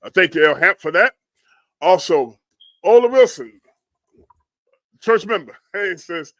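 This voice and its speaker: A man from Florida hosting a livestream and commenting on storm damage photos, murmuring hushed, prayerful exclamations between his remarks. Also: high-pitched, animated, a little slow, pauses often, no room sound. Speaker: livestream host.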